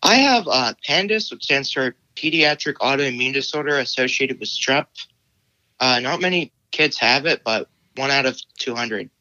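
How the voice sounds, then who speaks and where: Teenage boy, podcast guest, bright tone, hesitant, dull lo-fi line. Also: medium pitch, expressive, moderate pace, no room sound. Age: teens. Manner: hesitant, many fillers like "uh" and "like". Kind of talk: casual interview answers.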